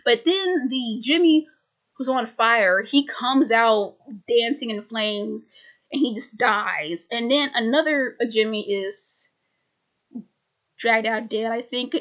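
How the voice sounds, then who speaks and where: Young woman, stutters, casual film recap, somewhat high voice. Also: slow, fairly bright tone. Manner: stutters, restarts words. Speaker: video creator.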